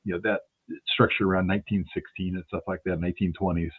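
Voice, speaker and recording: A man's voice: low voice, little pitch movement, fast talker, breathy edge. A man hosting a radio interview, telling a rambling anecdote and acting out the dialogue in it. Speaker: radio show host. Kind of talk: casual storytelling interview. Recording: tinny phone-line sound.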